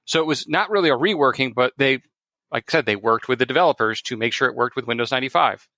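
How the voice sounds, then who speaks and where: Podcast co-host, man, bright voice, dry close sound, lively storyteller. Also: medium pitch, fast, no echo. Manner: animated storyteller, laughs often. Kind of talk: casual chat.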